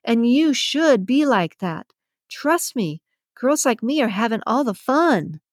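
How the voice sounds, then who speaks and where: A woman's voice: on the high side, sing-song, takes it slowly, no echo, clean studio sound, pitched above the performer's own voice, heavily acted. A woman putting on a brash, sassy young waitress. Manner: sassy, teasing, sarcastic.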